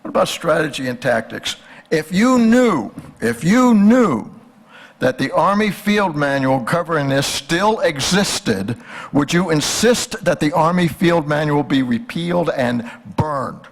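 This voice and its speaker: Older man, gravelly, husky lecturing voice. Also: on the high side, animated, unhurried, a bit bright. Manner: asks the audience rhetorical questions. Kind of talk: conversational history lecture.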